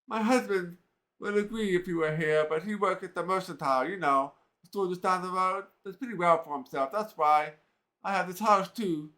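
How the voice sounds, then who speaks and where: A man's voice: sits high, moderate pace, sharp tone. A man reading the lines of a gushing, nonstop-talking middle-aged woman from a role-playing game. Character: chattering middle-aged matchmaking woman, endless talker.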